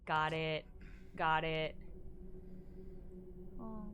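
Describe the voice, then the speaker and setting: A woman's voice: low voice, very slow, noisy background. A young woman streaming a horror game, chatting casually and thinking aloud, easily spooked. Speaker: gaming streamer. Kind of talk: casual live-stream commentary.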